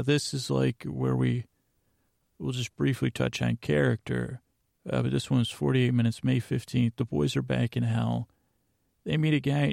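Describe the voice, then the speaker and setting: Guy with a really gravelly fry voice rambling on his podcast, kinda flat, dry sound. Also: medium pitch, dry recording. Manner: meandering, halting, full of fillers. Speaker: podcast host. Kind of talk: rambling bedtime podcast talk.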